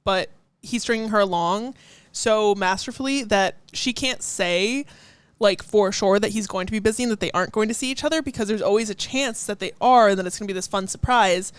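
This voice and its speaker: A woman's voice: medium pitch, fairly quick, clean tone, no room sound. A woman co-hosting a podcast, chatting casually with lots of giggles and rambling asides. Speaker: podcast co-host. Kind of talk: casual chat.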